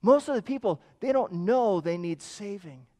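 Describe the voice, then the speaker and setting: A man preaching a sermon, telling stories in long quoted runs and swinging between hushed and emphatic delivery. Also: sits high, lively intonation, normal speed, big-room sound. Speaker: pastor.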